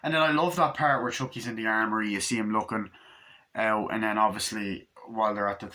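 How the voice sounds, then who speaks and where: A man's voice: on the low side, fairly even intonation, brisk, sharp tone. A man giving a casual, profane movie review, rambling through scenes and acting out quoted lines in passing.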